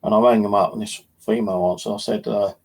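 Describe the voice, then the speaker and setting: A man's voice: on the low side, steady tone, fast talker, creaky, slightly rough, poor audio. A man with a casual, rambling way of talking, telling his viewers about his day detecting. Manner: rambling, conversational, with fillers and slang. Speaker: metal detecting vlogger. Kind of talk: casual storytelling to camera.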